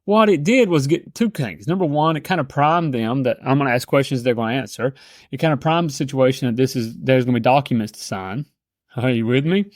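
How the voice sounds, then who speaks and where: Middle-aged male sales coach, casual and animated storyteller, dry close sound. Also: mid-range voice, a little fast, dry recording. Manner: animated, shifts into quoted voices.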